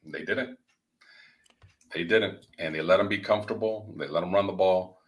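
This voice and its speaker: A middle-aged or older man co-hosting a sports live stream, giving animated, excitable analysis that gets louder when he makes a point. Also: low voice, moderate pace. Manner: excitable, voice jumps up when emphatic. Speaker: sports show co-host.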